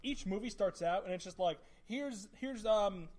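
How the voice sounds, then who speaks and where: Brief: male podcast host, high voice, casual, excitable, rambling. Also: normal speed, noisy background. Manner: animated, rambling, restarts often. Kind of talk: casual chat.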